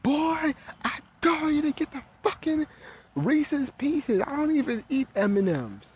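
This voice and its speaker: A man voicing a cranky old grandmother who yells and curses, in a high, shrill, bossy voice. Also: expressive, a little slow. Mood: bossy, scolding.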